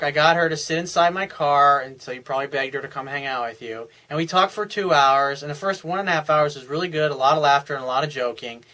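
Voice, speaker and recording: A man's voice: a little high, sharp tone, rough recording. A man working as a dating coach, reading out a listener's letter and answering it in a blunt, emphatic, lecturing way.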